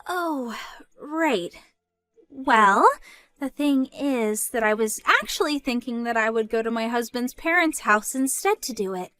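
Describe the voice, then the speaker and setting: Woman doing a soft, sweet, slightly unsure young expectant wife; high and dry. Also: expressive, a little slow, no room sound. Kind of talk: dramatized story narration.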